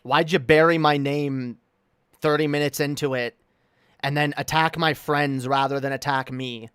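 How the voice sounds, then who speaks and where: A man's voice: on the high side, fairly even intonation, normal speed, a bit bright, clear, resonant tone, no room sound, studio quality. A man streaming casual commentary in a mocking, combative way. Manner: mocking, combative, laughs often.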